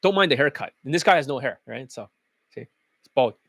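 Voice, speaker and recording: A man's voice: mid-range voice, animated, fairly quick, gravelly, a bit bright, no room sound. A man hosting his own channel as a dating coach, delivering a blunt, mocking rant full of swearing. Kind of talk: profane reaction rant.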